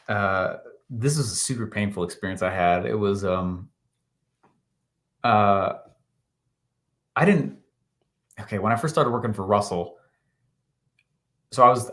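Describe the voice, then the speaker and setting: A man telling an animated story as an interview guest, laughing often and acting out what people said. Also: on the low side. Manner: animated, laughing, acts out quotes. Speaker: guest, marketing entrepreneur.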